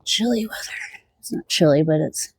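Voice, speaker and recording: In a low, breathy-edged voice with lively intonation, a woman chats through her hive inspection at a moderate pace outdoors. She mutters to herself and speaks to her bees, and there's no echo.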